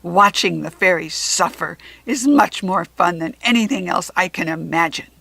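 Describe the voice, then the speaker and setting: A woman voicing a spiteful male ice villain who sneers, cackles and shouts loudly. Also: fairly low pitch, expressive, moderate pace, gravelly, husky, no room sound, pitched below the performer's own voice, full character voice. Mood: sneering.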